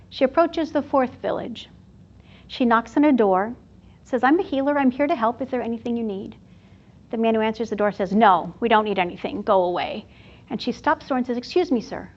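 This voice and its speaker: A woman presenter tells a fable at a university event in an expressive storytelling manner. Her voice sits somewhat high. The recording has a dull, lo-fi sound.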